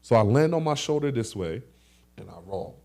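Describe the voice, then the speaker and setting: A young man co-hosting a podcast, telling stories in a lively way and acting out the action with sound effects. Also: medium pitch, normal speed. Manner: animated storyteller with sound effects. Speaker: podcast co-host. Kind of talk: casual podcast chat.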